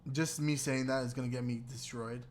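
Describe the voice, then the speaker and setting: A man's voice: mid-range voice, fairly even intonation, fairly quick, slight background noise. A man co-hosting a casual podcast chat, rambling and joking with frequent laughter, talking into a computer mic. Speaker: podcast co-host. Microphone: computer mic with webcam.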